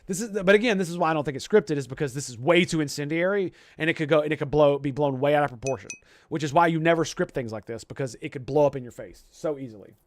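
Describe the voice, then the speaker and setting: A young man with a somewhat high voice, riffing in casual commentary. He rambles, swears freely and keeps restarting his sentences. The sound is dry and close. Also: quick pace, no echo. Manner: rambling, profane, many restarts. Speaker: streamer host.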